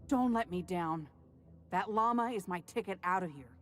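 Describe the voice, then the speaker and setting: A woman's voice: lowish voice, normal speed, slight background noise, natural voice. An actress voicing an eager, hopeful woman in a sci-fi video game, speaking earnestly.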